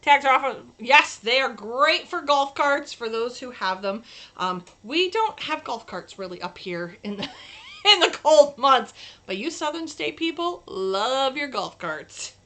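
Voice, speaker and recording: A woman from New York State hosts a crafting livestream with a high, bright voice. She talks casually and keeps up a chatty stream of tips as she shows her work to the camera. Her tone is crisp and forward. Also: lively intonation, a little slow.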